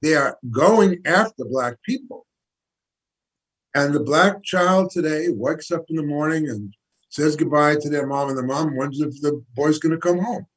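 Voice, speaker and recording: Husky older man, fiery and emphatic. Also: on the high side, normal speed, rough recording. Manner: emphatic, repeats numbers for effect, preacherly. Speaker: guest activist. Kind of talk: impassioned interview talk.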